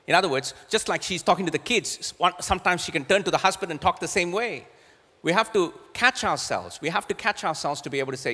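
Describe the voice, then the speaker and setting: A man's voice: fairly high pitch, brisk, bright, forceful tone. A middle-aged man preaching as a pastor, earnest, sometimes repeating words as he searches for a phrase. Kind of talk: sermon. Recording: long hall reverb.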